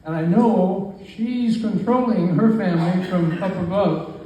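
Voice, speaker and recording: A man in his nineties stands up to speak at his own birthday party, joking and rambling. His voice sits fairly high for a man. He is caught from across the room, so it rings with heavy echo over a faint hum of ambience. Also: a little slow, mellow. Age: 90s. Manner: joking, rambling, self-deprecating. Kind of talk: informal party speech. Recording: far-off mic in an echoey room with faint ambient noise.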